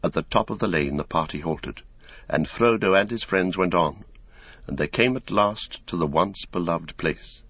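A man narrating an audiobook in a steady, measured reading. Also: low-pitched, slightly rough, no echo. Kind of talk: scripted narration. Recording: dull, dry recording.

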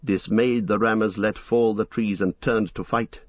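Low, husky male narrator. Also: steady tone, no echo, muffled recording. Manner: measured, dramatic storytelling. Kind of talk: audiobook narration.

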